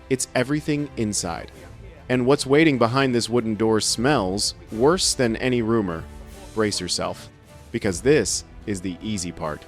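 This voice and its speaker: A man giving scripted first-person narration with a wry, sardonic humor. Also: lowish voice.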